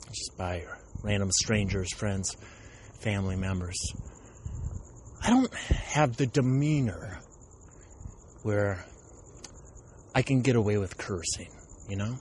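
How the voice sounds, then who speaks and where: A man's voice: lowish voice, lively intonation, takes it slowly, long pauses, a little mellow, a little hiss or hum. A man in his thirties, a stand-up comedian hosting his podcast, rambling through a comic monologue in a self-described aggressive tone, often correcting himself. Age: 30s.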